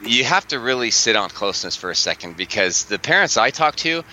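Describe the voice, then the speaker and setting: A man in his forties chats as a podcast guest, coaching parents, with a very bright, forceful tone. He is animated and breaks into playful voices to act out scenes. A faint hum of ambience sits behind him. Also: medium pitch, a little fast, low-quality recording. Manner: animated, acts out parents and teens in funny voices. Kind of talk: casual podcast chat.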